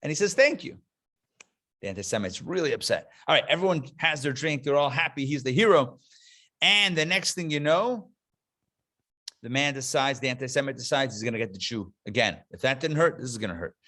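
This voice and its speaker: A rabbi teaches a live class from a classroom streamed to an online video call, speaking a little fast. He tells jokes as an animated storyteller, jumping into high, excited voices for characters, before turning earnest.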